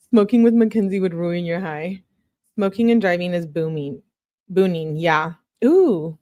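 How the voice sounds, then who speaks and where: Casual, low-voiced woman commenting to chat. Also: darkish tone, no room sound, clean studio sound. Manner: chatty, reacts to viewer chat with asides. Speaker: true crime video host. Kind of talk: casual commentary, reading text messages aloud.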